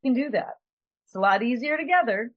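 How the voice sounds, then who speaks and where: A woman's voice: on the high side, lively intonation, quick pace, lo-fi sound. A woman giving a conversational, reflective motivational talk as a trainer. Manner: conversational, reflective, acts out quotes.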